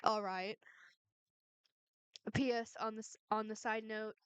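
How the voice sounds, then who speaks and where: A woman's voice: on the high side, steady tone, takes it slowly, fairly bright tone, clean tone, no room sound. A woman ranting angrily and sarcastically in a profane commentary vlog. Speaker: vlogger responding to a harasser.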